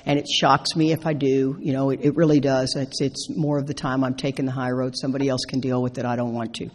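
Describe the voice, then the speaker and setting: A middle-aged woman shares a personal story from the stage of a large convention hall. She talks in a lively, animated way, acting out what she said and laughing along. Her voice carries a long, echoing reverb. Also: rumbling low, fast. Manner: animated, acts out her own quotes, laughs through the story. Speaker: speaker at a recovery convention.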